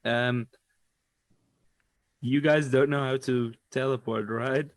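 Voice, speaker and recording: A man's voice: mid-range voice, steady tone, no echo. A man playing a tabletop game, talking in a hesitant way. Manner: unhurried and hesitant, with fillers. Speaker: player.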